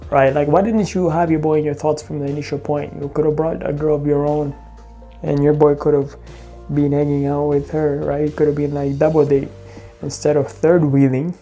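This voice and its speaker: A man's voice: a little high, flat delivery, normal speed, mellow, faint music behind. A man commenting casually and giving emphatic dating advice as a co-host. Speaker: podcast co-host.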